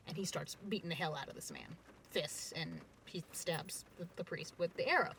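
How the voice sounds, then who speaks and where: Woman storyteller, chatty and animated, bright voice. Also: lowish voice, moderate pace, slight background noise, rough recording. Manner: chatty, many fillers, animated. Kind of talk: casual storytelling.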